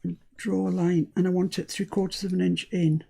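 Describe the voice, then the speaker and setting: A woman's voice: lowish voice, level tone, brisk, creaky, warm tone, slightly rough. A woman from the UK hosting a live crafting demonstration, chatting as she talks herself through each step. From United Kingdom. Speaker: crafting channel host.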